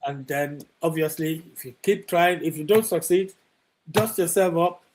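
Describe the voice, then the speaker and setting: Male host, high-pitched, encouraging, casual interview. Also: normal speed, a crowd in the background. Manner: encouraging with short reactions.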